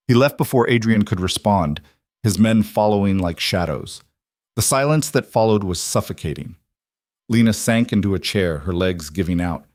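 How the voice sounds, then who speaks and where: A man narrating a dark romance story in a measured, dramatic way. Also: on the low side, animated, no room sound, studio quality. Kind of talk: scripted narration.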